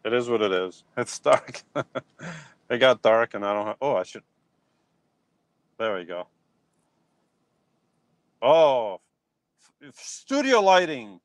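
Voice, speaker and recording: A man streams live from his phone outdoors in a yard at dusk, chatting casually and animatedly as he reacts to and answers viewers' comments. His voice is medium-pitched and slow with frequent pauses, and there's no echo.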